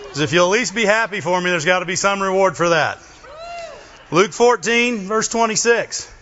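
A man preaching an animated sermon in a bright, forceful voice, keeps checking in with the crowd with quick questions. Slightly high for a man. The recording is dull and lo-fi. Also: slight background noise. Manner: animated, asks the congregation questions.

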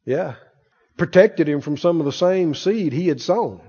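A man preaching a sermon as pastor, animated and quizzing his congregation with questions as he goes. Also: fairly high pitch, a little slow, husky. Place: church sanctuary. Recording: dull sound with long hall reverb.

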